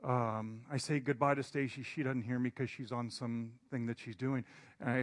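A man's voice: mid-range voice, little pitch movement, normal speed, dry recording, clean studio sound. A man preaching in a storytelling style, rambling and self-deprecating, with hesitant restarts. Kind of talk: storytelling sermon.

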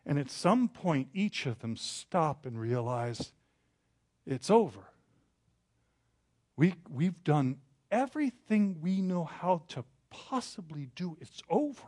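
A man preaching a sermon, telling the story with dramatic rises, then turning quiet and confessional. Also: on the high side, sing-song, slow pace. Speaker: pastor.

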